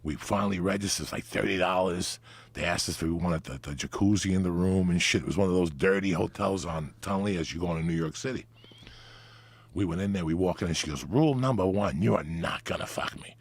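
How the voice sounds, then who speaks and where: Gravelly low-voiced man telling wild stories. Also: quick pace, dry recording. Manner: animated, profane, acts out quoted lines. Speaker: podcast guest. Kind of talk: raunchy storytelling. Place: podcast studio.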